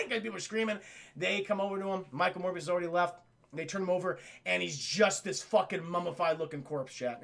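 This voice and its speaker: Streamer guy with a high raspy voice, hyped up, swears a lot while he talks his chat through a cartoon episode. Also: moderate pace. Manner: excitable, swears often, acts out characters' lines. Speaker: live streamer.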